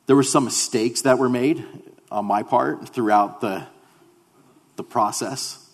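Male pastor, joking storyteller, mid-pitched voice, reverberant hall. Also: unhurried. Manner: humorous, conversational storytelling. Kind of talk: sermon with a personal story.

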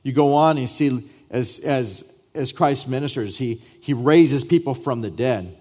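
A man pastor preaching a sermon to his church, emphatic, with repeated starts and swings between loud and soft. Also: mid-range voice, a little slow. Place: church sanctuary.

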